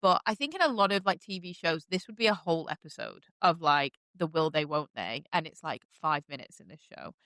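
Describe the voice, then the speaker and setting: A woman's voice: low voice, expressive, a little fast, few pauses, a bit bright, dry recording. A woman hosting a podcast, recapping a TV show in a gushing, chatty way with many fillers. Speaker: podcast host. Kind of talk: casual chat recapping a TV show.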